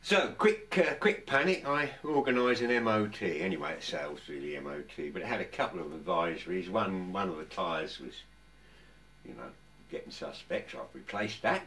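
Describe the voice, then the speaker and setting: A man's voice: low voice, animated, normal speed, a bit bright, recorded from a distance. An older English man talking casually to camera in his home workshop, chatty and rambling, often stopping and restarting his sentences. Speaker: vlogger.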